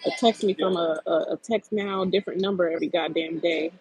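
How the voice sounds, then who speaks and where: A woman hosting a live stream, venting bluntly and profanely in a casual, animated rant about dating. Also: on the low side, a little fast, a little hiss or hum, poor audio. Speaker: lifestyle channel host on a live stream.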